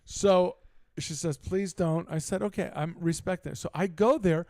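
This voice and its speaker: A man's voice: sits high, moderate pace, a little mellow, dry recording. A middle-aged man co-hosting a sports talk show, telling a long story in casual chat and acting out both sides of the conversations. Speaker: podcast co-host.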